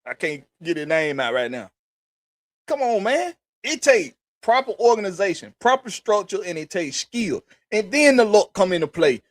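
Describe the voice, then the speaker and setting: A man with a high, very animated voice hosts a sports podcast at normal speed, recorded without echo. He talks heatedly and casually, stressing points, repeating himself a lot, and swearing freely.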